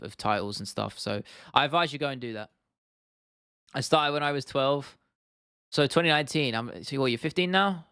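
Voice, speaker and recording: A young British man in his twenties, a YouTube streamer, rambles casually on a live stream, occasionally swearing and responding to chat comments. His medium-pitched voice is fairly bright, clear, and resonant, recorded at studio quality with no room sound.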